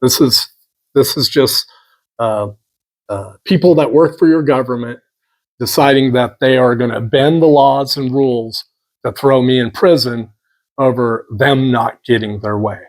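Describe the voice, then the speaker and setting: A man's voice: mid-range voice, measured pace, rough recording. A man, a political candidate, telling a long personal story in a casual, rambling way and acting out the back-and-forth of conversations. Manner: rambling, retells dialogue with "I'm like" and "he goes".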